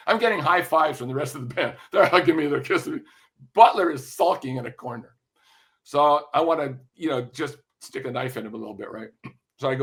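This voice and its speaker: An older man, a music industry veteran, telling animated, profane anecdotes in an interview and tagging his points with "right?". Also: on the high side, a little fast. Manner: lively, profane, keeps checking in with "right?".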